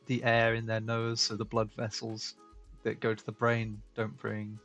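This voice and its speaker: A man chats easily with a co-host and the viewers of a drawing live stream, breaking into laughter often. His voice has a gravelly edge. Faint music plays underneath. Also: fairly low pitch, unhurried. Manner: relaxed, chatty, laughs often, reads viewer comments aloud. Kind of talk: casual live-stream chat.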